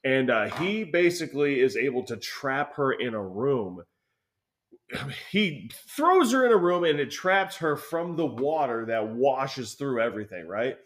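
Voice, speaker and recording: A young man chats loosely on a podcast, cursing freely as he rambles through a story. His voice sits at an ordinary middle pitch. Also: sing-song, measured pace. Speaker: podcast co-host. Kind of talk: casual chat.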